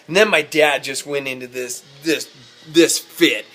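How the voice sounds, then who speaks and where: A man, a rodeo cowboy, telling a ranch story in a folksy, animated, self-amused way. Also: a little high, unhurried, soft background music. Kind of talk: casual spoken storytelling.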